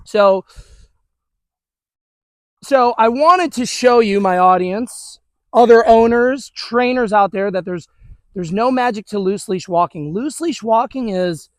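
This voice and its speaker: Man, dog trainer, high voice, upbeat and chatty, outdoor street demo, dry close sound. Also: slow pace, dry recording. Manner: upbeat, chatty, talks to viewers while praising dogs. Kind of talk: hands-on training demonstration.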